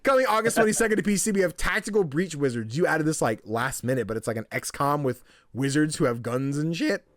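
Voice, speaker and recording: A man's voice: fairly high pitch, expressive, quick pace, no room sound. Chatty young man in a dry room. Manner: loose and chatty, swears freely, acts out game characters. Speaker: podcast host. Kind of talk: casual chat about video games.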